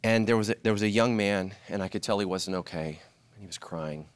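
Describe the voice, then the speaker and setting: A middle-aged male pastor preaching a sermon, swinging from loud, high-pitched joking to a hushed, earnest tone. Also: fairly quick. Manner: animated, jokes in a loud, high voice, then drops to a hushed, earnest tone.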